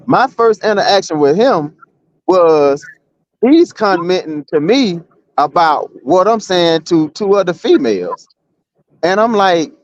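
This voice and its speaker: A man in a casual streamed argument, rambling and restarting, blunt and full of street talk. His voice sits a little high, and the sound is muffled and lo-fi. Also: a little slow, dry recording. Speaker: guest.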